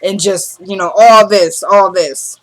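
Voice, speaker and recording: A woman's voice: medium pitch, steady tone, slow, noisy background. A woman vlogger casually recapping a TV episode, retelling scenes in a chatty storytelling way and quoting the characters.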